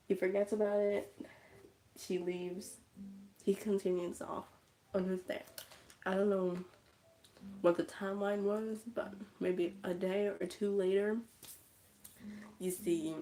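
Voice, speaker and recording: A woman's voice: medium pitch, gravelly, a little mellow. A woman casually recapping a movie on a livestream, chatty and full of "like" fillers. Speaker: streamer.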